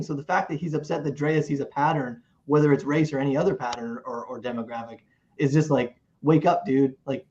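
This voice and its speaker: Guy co-hosting a recap show, kinda high voice, animated, keeps restarting, muffled lo-fi audio. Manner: animated, restarts and repeats himself. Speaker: podcast co-host. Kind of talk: casual chat. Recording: muffled lo-fi recording.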